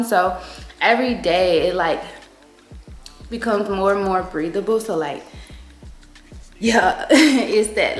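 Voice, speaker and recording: A woman's voice: medium pitch, reverberant. A young woman vlogging about her home decor project in casual chat, bubbly and full of fillers. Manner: bubbly, chatty, many fillers like "like" and "y'all".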